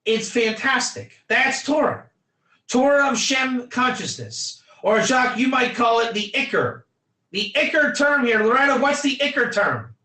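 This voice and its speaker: Male teacher, bright and tense, drilling points home in a roomy space. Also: extremely high pitch, expressive, a little slow. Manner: emphatic, repetitive, quizzes students by name. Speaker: Torah teacher. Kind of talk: energetic classroom lecture.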